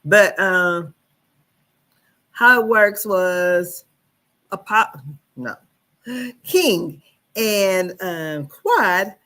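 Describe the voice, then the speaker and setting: Woman, host, casual gossip commentary, rambling and hesitant, unhurried pace. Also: fairly low pitch, lively intonation, sharp tone. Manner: rambling, hesitant, many fillers and restarts.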